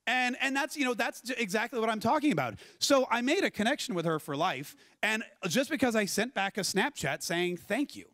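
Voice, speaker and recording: A man giving a conference keynote talk, telling stories in a lively, conversational way and putting questions to the audience. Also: high voice, brisk, few pauses, dry recording. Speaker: keynote speaker. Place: conference stage.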